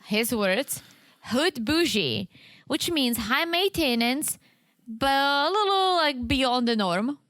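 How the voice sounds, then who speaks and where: A woman's voice: high voice, animated, slow pace, a bit bright, dry recording. A woman co-hosting a podcast in playful, joking casual chat. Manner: playful, jokey, tries out accents. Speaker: podcast co-host.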